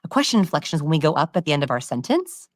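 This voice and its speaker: A woman with a low voice explains body language and vocal cues as a podcast guest. She talks quickly and confidently, teaching through examples. The recording is dry and close. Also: big pitch swings, dry recording.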